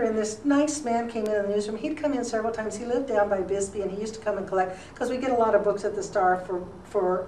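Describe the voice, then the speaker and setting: Older woman telling long, rambling stories. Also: mid-range voice. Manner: rambling, warm anecdotes with many fillers. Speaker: interviewee, retired newspaper columnist. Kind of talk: relaxed storytelling in an interview. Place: school room. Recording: roomy, distant mic with faint noise.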